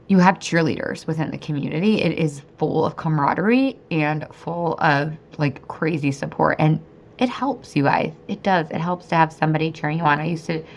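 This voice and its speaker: A woman in her thirties hosting a solo podcast, chatty and upbeat, with lots of fillers and sudden high excited bursts. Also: vocal fry, highs cut off. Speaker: podcast host and weight-loss coach. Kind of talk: solo podcast pep talk.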